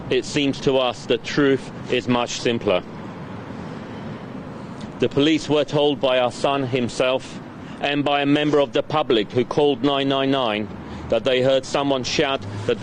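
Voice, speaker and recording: A man reads a prepared statement slowly and gravely, at a mid pitch. Traffic and street sounds run clearly behind him, as if recorded outdoors. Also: fairly even intonation. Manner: grave, measured. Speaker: victim's parent reading a statement. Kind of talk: prepared statement read aloud. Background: clear traffic and street noise.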